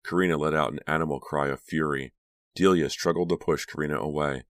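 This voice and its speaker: A man reading a teen thriller novel aloud in a steady, measured audiobook narration. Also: rumbling low, dry recording, studio quality. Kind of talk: scripted narration.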